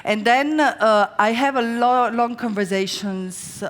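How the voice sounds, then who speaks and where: A woman's voice: fairly high pitch, takes it slowly. Chatty woman chef on a reverberant stage. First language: Slovene. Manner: chatty, storytelling with filler words and restarts. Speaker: chef giving a stage cooking demonstration. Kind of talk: live stage cooking demo and talk. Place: large hall on a stage. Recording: live hall with long reverb.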